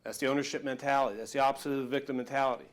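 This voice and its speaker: A man giving a live motivational workshop talk, telling stories in an animated, emphatic, conversational way. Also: medium pitch, racing. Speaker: motivational speaker.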